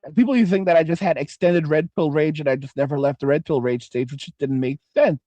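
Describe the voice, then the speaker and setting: A man's voice: a little high, quick pace, mellow, dry recording. A man in his forties hosting a casual livestream, reading viewer comments and rambling with lots of swearing and restarts. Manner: profane, rambling, self-interrupting. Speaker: livestream host.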